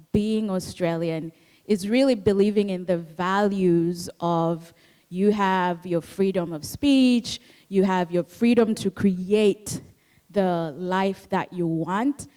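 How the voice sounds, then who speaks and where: A woman's voice: mid-range voice, a little mellow. A woman from Zambia, an author answering a book club question in a reflective, earnest way. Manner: reflective, earnest, quotes others in livelier voice. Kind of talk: thoughtful conversational answer.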